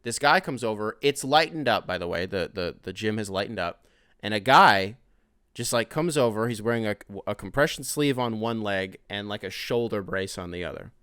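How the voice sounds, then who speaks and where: A man's voice: fairly low pitch, moderate pace, smooth, no echo, studio quality. A man of twenty-five, the host, telling a long rambling story in a casual monologue, full of profanity. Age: 20s. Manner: profane, rambling, animated retelling. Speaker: podcast host.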